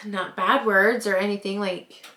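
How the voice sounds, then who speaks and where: In a roomy, echoing recording, a young woman tells a casual, chatty vlog storytime about something spooky that happened to her. She laughs at herself and uses "like" often, speaking slowly in a mid-range voice with a level, bright, forceful tone.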